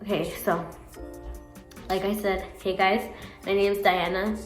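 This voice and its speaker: A woman's voice: mid-range voice, flat delivery, unhurried, faint music behind. Giggly rambling woman vlogger, roomy sound. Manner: rambling, giggly, self-correcting, many fillers. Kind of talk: casual chat to camera.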